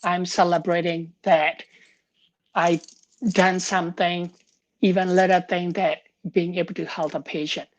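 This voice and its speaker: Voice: mid-range voice, little pitch movement, measured pace, slight background noise. A woman pharmacist talking on a live stream, telling a story in an earnest, heartfelt way and sounding tired.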